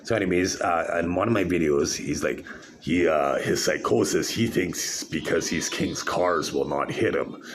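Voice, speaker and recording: A man from Canada talking to camera in a rambling monologue, aggrieved and halting, full of fillers and restarts. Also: low voice, background noise. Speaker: vlogger.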